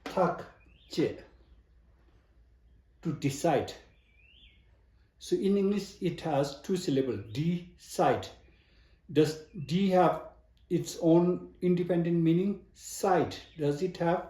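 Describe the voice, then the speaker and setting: Slow, patient man with a Tibetan accent. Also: on the high side, dark tone. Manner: slow, patient, repeats words and spells them out. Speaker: language teacher. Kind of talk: slow spelled-out language lesson. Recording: echoey room.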